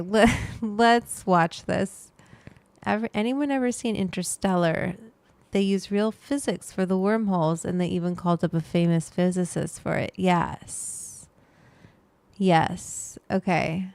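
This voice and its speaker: A woman's voice: on the low side, measured pace, creaky, darkish tone, dry recording. A woman hosting a casual livestream, rambling to her viewers and her pet as she goes. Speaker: livestream host.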